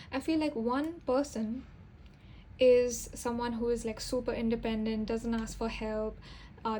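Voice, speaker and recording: A woman's voice: fairly high pitch, warm tone, a little hiss or hum, low-quality recording. A young woman giving a casual tarot reading to camera, chatty and rambling, with fillers and self-corrections. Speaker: tarot reader.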